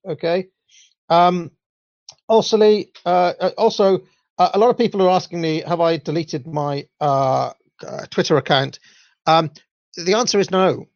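Welsh man, gravelly, rambling. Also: no room sound. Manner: rambling, full of ums and uhs. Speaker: podcast host. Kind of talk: casual chat, answering listener comments. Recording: dull, low-fidelity audio, dry.

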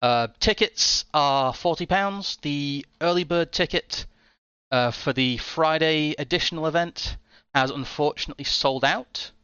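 A male host with a bright, crisp voice, talking in a chatty, rambling way. The sound is dry but somewhat dull and muffled, as if through a modest mic. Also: fairly high pitch, measured pace, dry recording. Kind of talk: casual interview hosting.

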